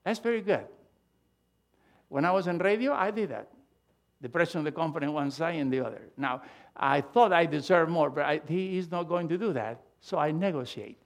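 High-voiced emphatic male preacher. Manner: emphatic, animated, swings from loud to hushed; halting restarts and repeated words. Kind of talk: sermon.

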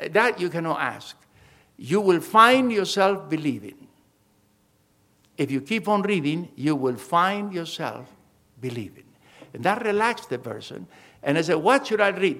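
A pastor preaching a sermon, acting out conversations with emphatic storytelling and phrasing. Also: male voice, high-pitched, a bit bright.

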